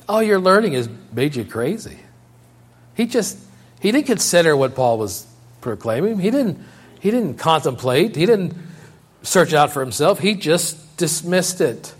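A man preaching a sermon, reading scripture aloud and paraphrasing it, rising high and loud in quotes and dropping low and quiet to drive points home, repeating key phrases. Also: expressive, a little slow.

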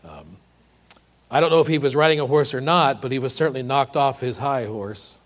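A man's voice: medium pitch, fairly quick. A man preaching a sermon, earnest and emphatic, often repeating and restarting words and asking rhetorical questions. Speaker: pastor.

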